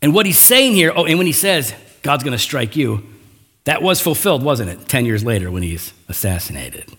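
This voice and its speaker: A man's voice: fairly high pitch, a little fast, slightly rough. A man preaching a sermon in a casual, conversational way, with slang asides and acted-out quotes from scripture. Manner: animated, acting out biblical quotes in raised voice. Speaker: pastor.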